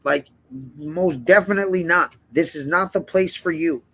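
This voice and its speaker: A man's voice: a little high, normal speed, a bit bright, rough recording. A man hosting a livestream in casual chat, rambling and swearing heavily as he rants. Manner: rambling and profane, heavy swearing; heated ranting. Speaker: livestream host.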